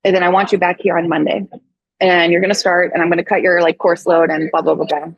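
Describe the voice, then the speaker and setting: Woman in her 30s, podcast guest, animated storyteller, slightly low husky voice, close dry sound. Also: fast talker, dry recording, highs cut off. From Missouri. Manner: animated, acts out quoted voices, frequent "like". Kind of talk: casual storytelling in an interview.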